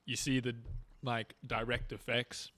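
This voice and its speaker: A young man in his twenties in a relaxed podcast chat, reflective and full of "like" and "you know". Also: medium pitch, unhurried.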